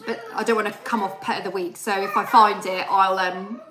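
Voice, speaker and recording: A woman's voice: medium pitch, fairly even intonation, brisk, echoey room, noisy background. A young adult woman, chatting casually on a live stream and telling a story with re-enacted dialogue. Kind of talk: casual chat.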